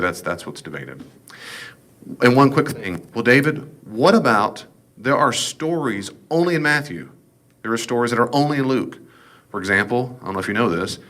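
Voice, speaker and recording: A man's voice: lowish voice, a bit bright. A man giving a casual, folksy Bible class lecture, with jokes and asides. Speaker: Bible teacher.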